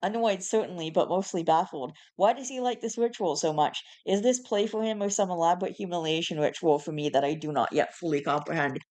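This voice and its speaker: A woman's voice: fairly low pitch, brisk, few pauses, darkish tone. Woman dramatically reading a post. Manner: dramatic, mock-solemn reading with asides. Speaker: host reading online posts. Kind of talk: reading a post aloud to camera.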